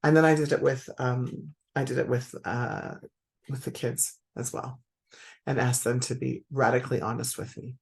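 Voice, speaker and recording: A middle-aged woman speaks with a gravelly fry running through her voice. She tells a personal story candidly and reflectively, often pausing to ask "right?". Her delivery is that of a personal growth talk. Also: rumbling low, level tone, darkish tone.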